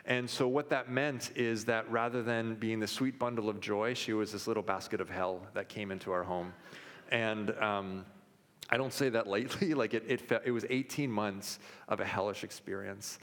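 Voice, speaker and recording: Male pastor, thirties, lowish voice, candid storytelling sermon, long hall reverb. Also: fairly even intonation, normal speed, fairly bright tone. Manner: candid, personal storytelling with frequent restarts and fillers.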